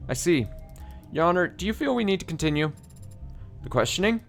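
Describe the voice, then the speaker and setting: A man's voice: high-pitched, big pitch swings, a little fast, creaky, a bit bright, soft background music, voice pushed up, full character voice. A man voicing a smug, sly male prosecutor in a game, questioning in a mocking, theatrical way. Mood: needling.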